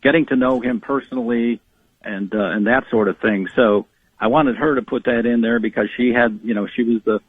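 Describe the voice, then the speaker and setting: A man's voice: medium pitch, steady tone, fairly quick, breathy edge, dry recording. A man being interviewed on radio as an author, telling family stories earnestly, with many restarts and acted quotes. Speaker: author and guest. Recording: dry phone-line sound.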